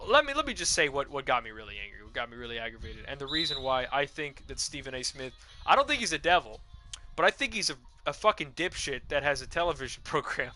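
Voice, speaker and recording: A man's voice: fairly high pitch, very animated, fast, bright, forceful tone, faint music behind, rough recording. A young man streaming a video game, chatting casually in a profane, rambling, digressive rant. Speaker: gaming streamer.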